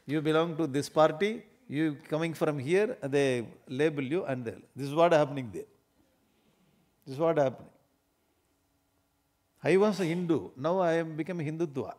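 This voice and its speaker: A man giving an animated, emphatic spiritual discourse, often laughing as he talks. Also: on the high side, moderate pace.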